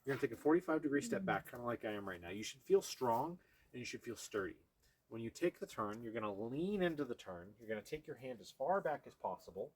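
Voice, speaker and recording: A man's voice: mid-range voice, expressive, fast talker. A man teaching dog training, explaining each step to viewers while he works with a dog and breaks off now and then to praise or coax it. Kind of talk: hands-on training demonstration.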